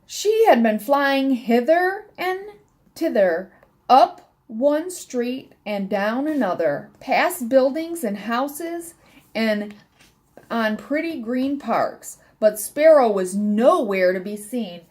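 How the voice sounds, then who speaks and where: Slow, lively woman reading a storybook. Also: a little high. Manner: slow, careful, stumbles and rereads words. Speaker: storybook reader. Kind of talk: reading a children's book aloud.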